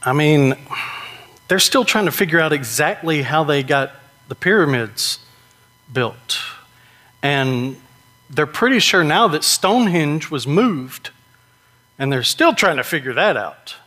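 A man preaching a sermon in a conversational way, often asking "right?" and slowing down to stress key points. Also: fairly high pitch, expressive, pushed and bright. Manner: conversational, with frequent rhetorical "right?".

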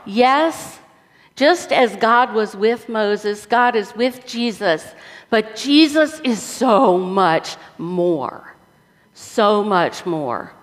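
A woman pastor preaching a sermon in a deliberate, unhurried way, mixing scripture and prayer with casual asides and light humor. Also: mid-range voice, long reverb tail.

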